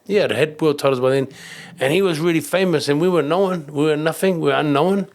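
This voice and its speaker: A middle-aged man with a New Zealand accent tells stories in a casual podcast chat, his voice gravelly and set a little high. He rambles and grows animated, swearing now and then and putting on the voices of people he meets. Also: quick pace. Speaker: kickboxing champion and coach, guest. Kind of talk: casual storytelling interview.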